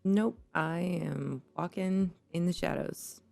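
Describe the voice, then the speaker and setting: A woman's voice: fairly low pitch, slow pace, vocal fry, a little mellow, soft background music. A woman playing in a tabletop game, easygoing and chatty. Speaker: player.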